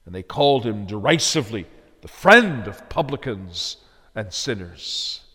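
A man's voice: very animated, unhurried. Emphatic preacher man in a reverberant hall. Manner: emphatic, swinging between loud stresses and quiet low phrases. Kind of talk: expository sermon.

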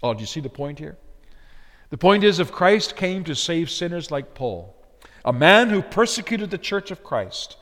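A male preacher with a fairly high, very lively voice delivers an emphatic sermon, climbing hard onto key words and then sinking to near hushes. His voice carries a long reverb, like a large church sanctuary. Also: moderate pace. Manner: emphatic, rising to stressed words then dropping low and soft.

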